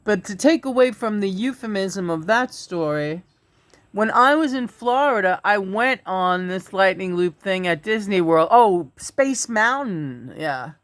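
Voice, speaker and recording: A woman hosting her own channel, telling a spiritual story in a rambling, halting way, restarting her sentences and swearing. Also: medium pitch, lively intonation. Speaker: channel host. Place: indoors at home.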